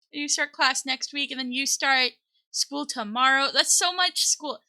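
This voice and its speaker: A woman's voice: high-pitched, a little slow, pushed and bright. A young woman streaming as a VTuber, chatting casually with her viewers, giggly and flustered, teary and close to crying. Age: young adult. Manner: giggly, flustered, thanks chat often. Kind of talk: casual live-stream chat.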